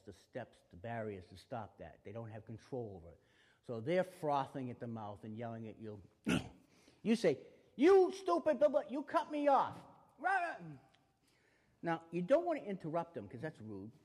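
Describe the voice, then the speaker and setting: A man giving a spoken lesson on staying safe, animated and acting out the exchanges he describes. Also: mid-range voice. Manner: animated, acts out quoted exchanges. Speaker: self-defense instructor. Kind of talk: spoken teaching talk. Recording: long reverb of a hall.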